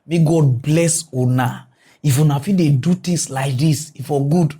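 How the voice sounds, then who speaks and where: High-voiced Nigerian man, mocking commentary. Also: unhurried, husky. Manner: animated, mocking, switches pitch a lot. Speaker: comedy news host. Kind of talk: comic commentary in Nigerian Pidgin.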